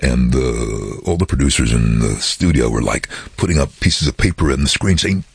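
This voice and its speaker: A man who works as a voice-over artist, telling lively stories in an interview and slipping into quick impressions. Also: extremely low pitch, gravelly, slightly rough, dry recording. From London. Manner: lively anecdotal, slips into impressions. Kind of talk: interview storytelling.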